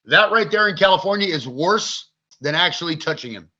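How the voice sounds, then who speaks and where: A man's voice: fairly high pitch, animated, brisk, sharp tone. A man in his forties, a podcast guest, telling his story in a blunt, profane, vivid way. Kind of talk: candid interview storytelling. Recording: dull lo-fi recording.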